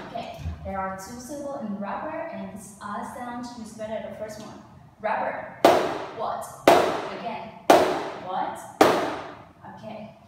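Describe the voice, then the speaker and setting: Lady teacher, slow vocab drills, far off in a boomy classroom with lots of noise. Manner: slow, repetitive drilling with loud prompts. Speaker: English teacher. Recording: echoey classroom, distant mic, loud noise.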